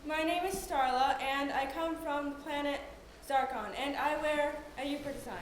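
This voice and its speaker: A woman's voice: sits high, fairly even intonation, normal speed, a little hiss or hum, lightly acted. A woman playing a stiff alien beauty contestant. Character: female alien pageant contestant from another planet. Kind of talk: community stage play. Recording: echoey theater hall.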